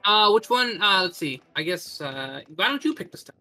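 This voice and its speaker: Bright, animated let's-play co-host. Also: medium pitch, soft background music, poor audio. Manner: upbeat, quick reactions. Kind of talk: casual gaming chat.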